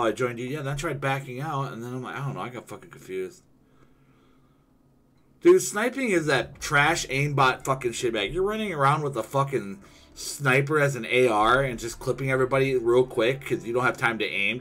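A man's voice: medium pitch, fairly bright tone. A young man streaming a video game, ranting heatedly and swearing constantly in casual chat with a friend. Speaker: gaming streamer.

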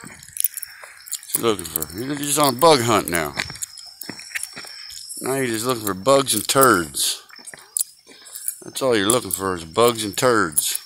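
A man's voice: fairly low pitch, lively intonation, slow, long pauses, bright, forceful tone. A man walking his dog outdoors and filming on his phone, teasing it with crude, profane chatter. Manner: crude, teasing, swears a lot. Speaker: dog owner filming a walk. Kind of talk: casual filmed chatter to a dog. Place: outdoors on a roadside walk. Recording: noisy outdoor phone recording.

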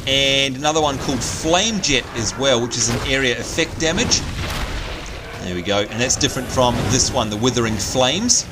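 Lively chatty man narrating gameplay. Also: mid-range voice, moderate pace, noisy background. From Australia. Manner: chatty, jokey, thinks aloud. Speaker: let's play host. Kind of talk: casual gameplay commentary.

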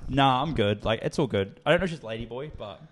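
Young male podcast co-host; rapid, profane, casual storyteller. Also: mid-range voice, expressive. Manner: rapid, sweary, full of "like" fillers.

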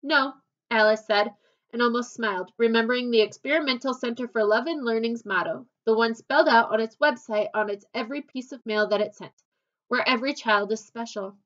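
A woman reading a children's novel aloud with expressive, unhurried narration. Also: on the high side. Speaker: storybook reader. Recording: dull lo-fi recording.

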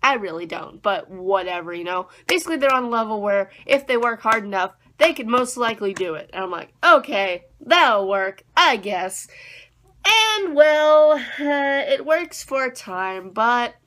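Bright, chatty young woman reviewing anime. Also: a little high, very animated, moderate pace, few pauses. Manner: rambling, chatty, acts out her own reactions. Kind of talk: casual review chat.

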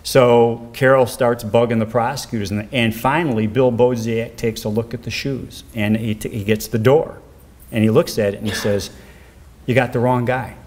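An older man, a former defense lawyer telling a case story in a documentary interview, his pitch rising when he quotes others. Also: fairly even intonation, normal speed, darkish tone.

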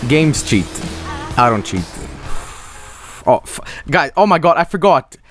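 A male game streamer talks casually over his play, rambling, cursing freely and breaking into silly asides. His voice sits slightly high and swings wildly in pitch. Faint music plays behind him. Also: measured pace. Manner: rambling, profane, animated, jumps to silly voices. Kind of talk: casual gameplay commentary.

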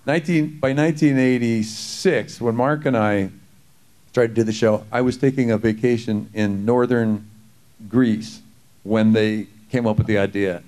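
A man telling lively stories at a convention panel, quick to act out other people's voices and to laugh. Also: medium pitch. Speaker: actor panelist.

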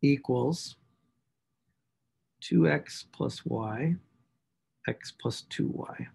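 A math instructor speaks extremely slowly in a mid-range, creaky, slightly rough male voice. The clip is a recorded class lecture where he talks to himself while writing equations, stressing important words with animated emphasis.

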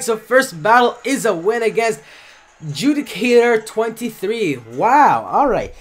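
A man's voice: high-pitched, sing-song, measured pace. A man giving casual live commentary on his own gameplay, chatty and often correcting himself as he talks through each move.

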